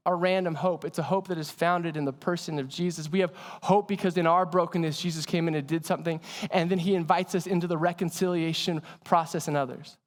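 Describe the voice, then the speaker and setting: A man preaching a sermon as pastor, telling lively stories and asking the audience questions. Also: on the high side. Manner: energetic storytelling with audience questions. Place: church hall. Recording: long hall reverb.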